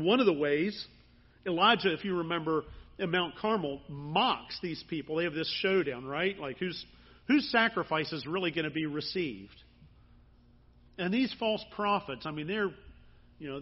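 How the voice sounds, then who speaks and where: A man's voice: fairly high pitch, lo-fi sound. A man preaching a sermon in an earnest, conversational way that builds to bursts of emphasis. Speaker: pastor.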